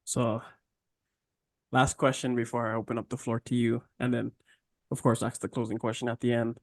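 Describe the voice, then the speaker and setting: A man hosting a podcast, asking interview questions in a measured way. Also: medium pitch, flat delivery. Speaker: podcast host.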